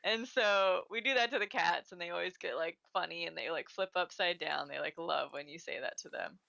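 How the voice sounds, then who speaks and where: A woman's voice: lowish voice, a little fast, gravelly, bright, forceful tone, muffled recording. A woman co-hosting a casual livestream chat, rambling and laughing often. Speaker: co-host.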